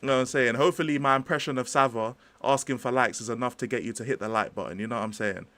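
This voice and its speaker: On his football livestream, a young man chats in slang, wanders off topic and throws in frequent asides to viewers. His middle-pitched, fairly bright voice goes very fast, and the recording is dry.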